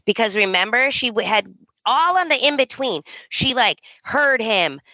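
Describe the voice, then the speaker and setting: An opinionated woman with a bright, sharp tone, recapping a soap opera and throwing in dramatic character quotes. The sound is dry and close, a little dull. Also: on the high side, animated, normal speed, dry recording. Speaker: podcast co-host.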